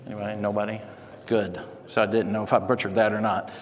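A man's voice: lowish voice, flat delivery, fast talker. A man teaching at church, telling stories in a folksy way with many fillers. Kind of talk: sermon. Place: church hall. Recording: long hall reverb.

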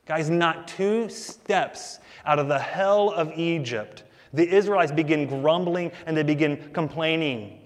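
Man, pastor, sermon, fairly high voice, rhetorical questions, long church reverb. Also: measured pace, few pauses. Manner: preacherly, addresses listeners as guys, asks rhetorical questions. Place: church sanctuary.

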